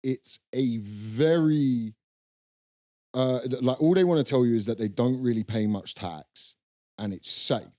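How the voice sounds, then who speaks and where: A man's voice: mid-range voice, measured pace, mellow, no room sound, studio quality. A young man, co-hosting a podcast in loose, joking banter and swearing freely. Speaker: podcast co-host. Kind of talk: casual banter.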